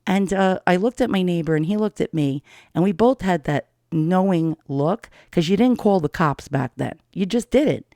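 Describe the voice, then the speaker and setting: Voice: medium pitch, lively intonation, normal speed, mellow, no echo, clean studio sound. A middle-aged storyteller from Queens, telling a personal story in a blunt, profane, darkly amused way. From Queens, New York.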